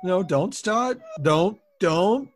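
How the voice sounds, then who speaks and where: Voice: mid-range voice, lively intonation, drawn-out words, slight background noise. A performer voicing an overwrought, sobbing lover in an improvised comedy sketch. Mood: sappy. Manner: overwrought, sappy.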